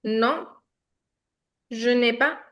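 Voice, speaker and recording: A woman's voice: fairly high pitch, drawn-out words, fairly bright tone. A woman teaching a beginner French class online over a video call, patiently checking that her students follow. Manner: patient, checks often for understanding.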